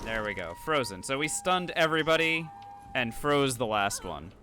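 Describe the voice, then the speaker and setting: In a mid-range voice with big pitch swings, a challenge-run streamer offers live commentary at a moderate pace, pushed and bright, faint music behind. He's chatty, describes his moves, thanks viewers, and rambles with frequent fillers and restarts.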